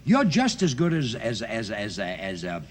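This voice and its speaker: A man's voice: on the low side, huge pitch swings. A man hosting a televised comedy show, stalling and repeating words as he trades jokes. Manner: halting, repeats himself while fishing for words. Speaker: show host. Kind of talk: comic stage banter. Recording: old TV broadcast with loud noise.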